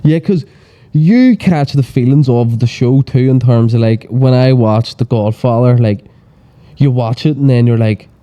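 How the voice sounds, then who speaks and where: A man with a very deep, dark, mellow voice, talking casually on a podcast. He rambles through sweary stories, packing his sentences with fillers. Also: unhurried, lo-fi sound. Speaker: podcast guest. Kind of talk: casual chat.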